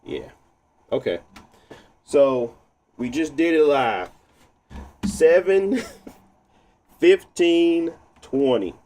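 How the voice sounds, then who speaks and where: Guy on a gaming stream talking to himself while tweaking settings, laughs a lot, mellow voice that swings up and down. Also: medium pitch. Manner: thinks out loud, laughs often. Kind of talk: casual live tinkering chat.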